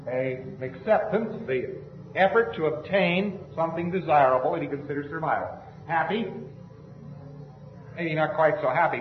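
A man giving an informal lecture, telling anecdotes and acting out bits of dialogue as he goes. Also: medium pitch. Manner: anecdotal, acts out dialogue in passing. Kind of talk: informal lecture with acted examples. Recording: dull lo-fi old lecture tape with faint hiss.

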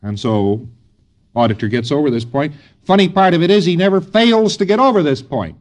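A man giving an informal lecture to trainees, rambling and folksy, often pausing on fillers. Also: on the high side, animated.

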